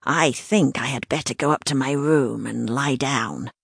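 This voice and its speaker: A woman voicing a nervous, theatrical man in a children's storybook, speaking slowly in a quavering, regretful tone. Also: extremely low pitch, gravelly, a bit bright, husky, no echo, studio quality, full character voice. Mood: feigned regret.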